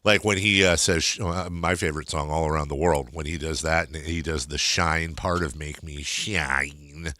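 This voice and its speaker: An American man hosting a casual sports talk radio show in a studio, talking in animated, rambling asides. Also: extremely low pitch, normal speed, hardly any pauses, no echo. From United States.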